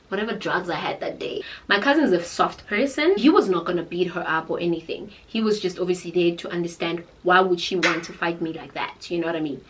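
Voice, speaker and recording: A young woman with a South African accent, telling a storytime tale in a dramatic, animated way. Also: on the low side, fairly quick, slight background noise, low-quality recording. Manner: animated, dramatic, code-switching into Zulu. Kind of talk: casual storytime chat.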